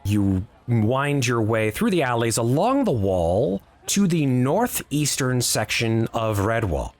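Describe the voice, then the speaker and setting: A man running a tabletop game, painting each scene in a lively, rising and falling voice. He narrates with small hesitations and restarts. His delivery stays expressive and varied throughout. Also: mid-range voice, slow. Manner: lively, descriptive storytelling with hesitations. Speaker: game master.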